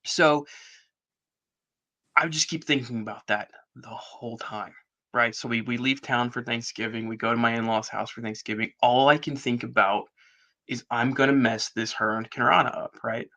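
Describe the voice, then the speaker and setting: A middle-aged podcast guest tells a long story in a relaxed interview, performing the dialogue with lively energy. He speaks in a mid-range voice at a moderate pace, and the audio sounds dull.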